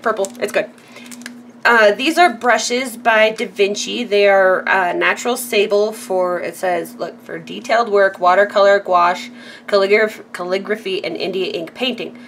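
A chatty woman from California rambles through a casual craft supply show-and-tell at a mid-range pitch. She fills the gaps with ums and restarts, and laughs at her own asides. A faint hum sits under her voice. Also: fairly bright tone. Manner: chatty and rambling, with frequent ums and self-corrections. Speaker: craft vlogger.

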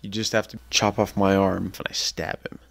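A man cracking deadpan jokes and then giving warm wishes for a wedding video. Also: low-pitched, normal speed, gravelly, noisy background. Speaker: wedding guest. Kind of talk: casual on-camera wedding message.

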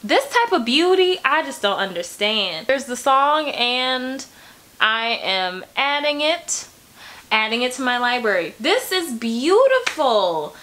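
A music reaction vlogger sits in her bedroom reacting to a song, her fairly high voice moving a little slowly over slight background noise. She gushes with emotion, swears freely and stays animated throughout her casual commentary.

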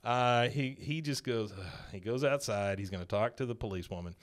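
A man's voice: mid-range voice, normal speed. A man hosting a podcast, casually retelling an episode scene by scene with frequent "uh"s and chuckles. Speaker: podcast host.

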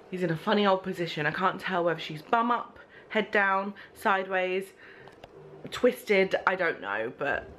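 A young woman vlogs from an echoey room at home, chatting candidly and rambling from one thought to the next. Her voice carries a gravelly edge, and she laughs often as she talks. A low room noise sits faintly behind her. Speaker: vlogger. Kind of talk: casual vlog talk to camera. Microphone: compact camera.

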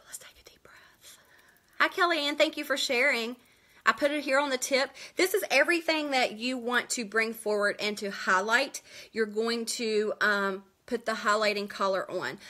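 A woman from West Virginia hosting a casual live makeup tutorial from home, chatty and quick, greeting viewers by name. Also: fairly high pitch, sharp tone. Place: at home indoors.

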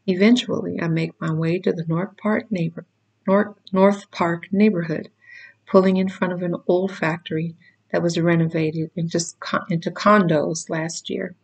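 A woman reading a novel chapter aloud in first person, measured and steady, with occasional stumbles she corrects. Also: on the low side, vocal fry, breathy edge, highs cut off. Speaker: reader.

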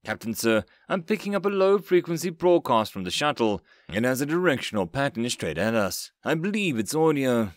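A man's voice: mid-range voice, big pitch swings, moderate pace, few pauses, dry recording, studio quality, natural voice. A man voicing a young, nervous, nerdy male alien navigation officer who speaks hesitantly and eagerly in an audiobook reading.

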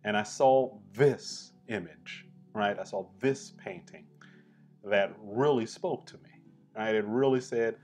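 A man hosting a casual art appreciation vlog, talking in a relaxed, chatty, enthusiastic way. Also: on the low side, takes it slowly, soft background music. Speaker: host.

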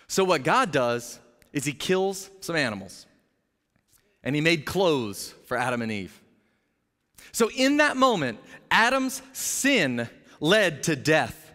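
A man preaching a sermon as pastor, telling a story in an energetic, jokey way and acting out the characters' voices. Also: a little high, slow pace, long pauses. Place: church sanctuary. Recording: long hall reverb.

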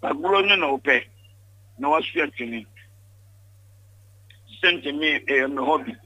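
A man's voice: fairly high pitch, lively intonation, a little slow, bright, forceful tone, no echo, low-quality recording. An older Ghanaian man giving an interview, speaking emphatically and often repeating words when pressed. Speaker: interview guest. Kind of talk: candid interview.

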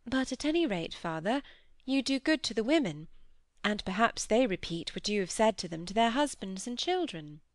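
A shy, earnest teenage farm girl, as a woman reader puts her on, speaks in a low, humble voice. The sound is dry and close, as in a storybook audiobook. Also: big pitch swings, moderate pace, dry recording, natural voice.

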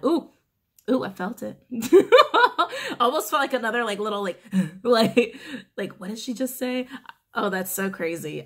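A woman giving a casual, animated tarot reading to camera, often breaking into giggles and swearing freely. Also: medium pitch. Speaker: tarot reader.

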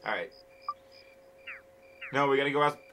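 Over video game music, a male gaming channel host talks casually as he plays, swearing often and grumbling with impatience. His mid-range voice is fairly bright and moves at a normal speed. The low-quality audio carries a little hiss or hum.

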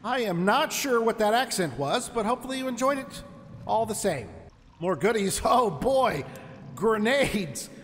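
In a let's play of a survival game, a man with a high, slightly bright voice chats and cracks jokes, even addressing enemies as he takes them on. He talks at a measured pace with lively intonation. It sounds recorded in a large hall, with a little hiss or hum.

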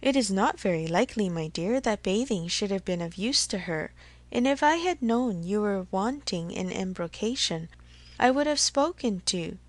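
Fretful elderly gentleman, read by a woman. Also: medium pitch, lively intonation, normal speed, no room sound, lightly acted. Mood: fretful fond. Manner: fretful, fond, repeats endearments. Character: fussy anxious elderly gentleman, doting father. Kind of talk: audiobook character reading.

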